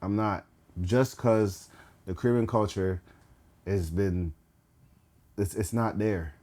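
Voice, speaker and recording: A man's voice: fairly low pitch, slow, dark tone. A man co-hosting a podcast in casual chat, emphatic and repeating his points. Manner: emphatic, pleading, repeats himself. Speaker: podcast co-host.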